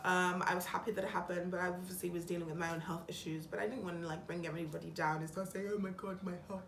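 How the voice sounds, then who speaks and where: A woman's voice: lowish voice, gravelly. Chatty young woman telling her story. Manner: chatty, dramatic, quick retellings with lively quoted voices. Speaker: vlogger. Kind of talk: personal storytelling vlog. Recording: roomy echo with faint background hum.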